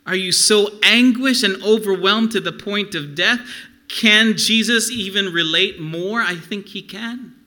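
Bright, high-voiced man preaching slowly. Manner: earnest, conversational preaching with audience questions. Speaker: pastor. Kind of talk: sermon.

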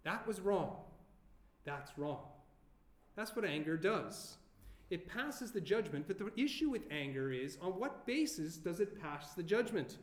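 Male preacher, fairly high voice, earnest and emphatic, recorded in a roomy hall. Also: sing-song. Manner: earnest, rhetorical questions, slow emphatic pauses. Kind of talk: sermon. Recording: echoey room.

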